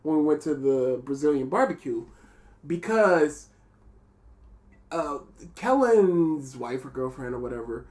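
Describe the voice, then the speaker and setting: A man co-hosting a live reaction stream, rambling and joking in casual chat, often trailing off quietly. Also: a little high, animated, a little slow, long pauses. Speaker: co-host.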